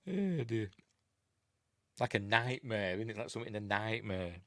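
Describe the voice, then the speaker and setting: A man's voice: fairly low pitch, a bit bright, no echo. Rambling Yorkshire man reviewing a film. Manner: rambling, chuckling, loses his place. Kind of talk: casual film commentary.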